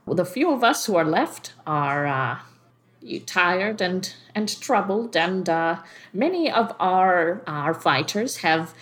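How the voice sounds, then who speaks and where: A woman voicing an elderly male innkeeper, a retired adventurer, speaking slowly and haltingly with many pauses. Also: mid-range voice. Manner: slow, halting, full of pauses. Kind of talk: tabletop game character voice.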